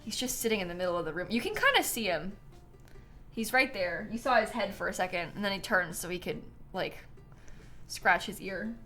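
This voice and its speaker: A woman's voice: mid-range voice, sing-song, fairly quick, pushed and bright, soft background music. A young woman streamer chatting casually while playing a game, tired and yawning, with lots of ums and likes and frequent laughs. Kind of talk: casual live-stream gameplay chat.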